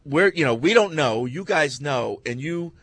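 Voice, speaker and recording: A man's voice: fairly high pitch, animated, normal speed, a bit bright, breathy edge, no room sound. A man hosting a radio show, chatting casually and insisting emphatically. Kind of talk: casual studio banter. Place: radio studio.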